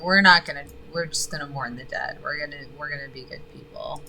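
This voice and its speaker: A woman streaming a video game live, chatting to herself and the game, sliding from low mutters into loud, profane outbursts. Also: fairly even intonation, moderate pace, creaky, hardly any pauses, a little hiss or hum, rough recording. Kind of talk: live gameplay commentary.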